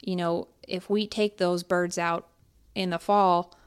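Clear-voiced woman biologist from Pennsylvania. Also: on the low side, takes it slowly. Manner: relaxed, explanatory, laughs easily. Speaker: wildlife biologist guest. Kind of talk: casual podcast interview. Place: house in Baton Rouge.

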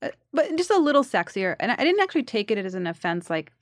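A New York–born actress in her forties chats casually as a guest, her voice a little high and quick. She tells a story animatedly, acting out quotes, in a clean studio recording with no room sound.

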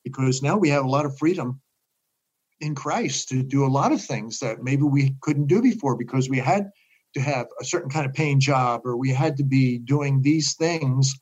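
Older man, animated storyteller. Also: medium pitch, moderate pace, husky, muffled recording. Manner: animated storyteller, acts out quoted voices. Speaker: guest. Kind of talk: casual interview talk.

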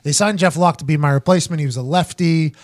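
Profane, animated former-punter host. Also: male voice, fairly high pitch, fast. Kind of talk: casual storytelling chat.

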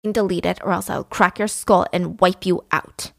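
A woman doing a loud, menacing drunk husband. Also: fairly low pitch, fairly even intonation, moderate pace, vocal fry, dry recording, studio quality. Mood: bitter. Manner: loud, mocking, menacing swings. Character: drunk, unhinged, jealous husband, male adult.

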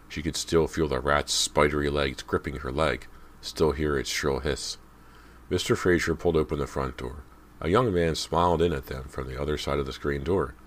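A man narrating a horror audiobook in a steady, measured storytelling manner. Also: rumbling low.

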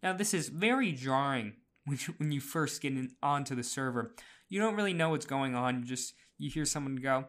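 A man's voice: medium pitch, lively intonation, normal speed, fairly bright tone. A man hosting a casual podcast recap, chatty, with frequent fillers, restarts and small laughs. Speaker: podcast host.

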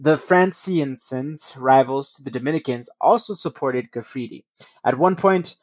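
A man's voice: mid-range voice, moderate pace, no room sound. A man hosting a podcast, mixing read passages with rambling, profane casual asides. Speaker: podcast host. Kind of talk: casual storytelling podcast, reading passages aloud.

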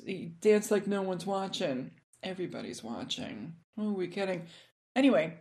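A woman's voice: mid-range voice, a little mellow. A middle-aged woman with a slightly nasal voice, hosting a podcast in a rambling, self-deprecating chat. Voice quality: a little nasal. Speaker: podcast host. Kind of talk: casual chat.

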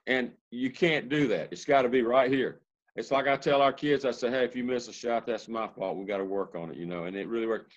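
A man's voice: medium pitch, brisk. An older man, a basketball coach hosting a podcast, speaking in an earnest, reflective, plainspoken way. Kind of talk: casual podcast interview. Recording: slightly muffled audio.

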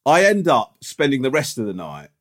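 A man's voice: medium pitch, huge pitch swings, normal speed, fairly bright tone. A man co-hosting a podcast, telling a story in casual chat with lots of swearing. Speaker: podcast co-host.

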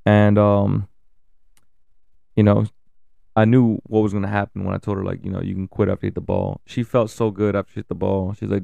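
A man in his thirties talking candidly about his family and kids, swearing often and pausing with fillers. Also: on the low side, level tone, gravelly, mellow, no echo, muffled recording. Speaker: father sharing family updates. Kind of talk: casual personal talk to camera.

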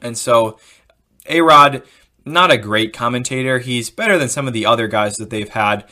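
A man's voice: medium pitch, normal speed, bright, forceful tone. A man hosting a casual sports podcast, giving opinionated commentary that rambles and restarts itself. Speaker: podcast host.

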